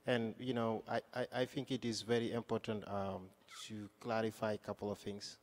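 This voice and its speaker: A man's voice: on the low side, level tone, normal speed. Accented male councilor, impassioned floor speech, reverberant council hall. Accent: non-native English. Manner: emphatic, repeats and restarts phrases. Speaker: city councilor. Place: city council chamber. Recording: long reverb of a council chamber.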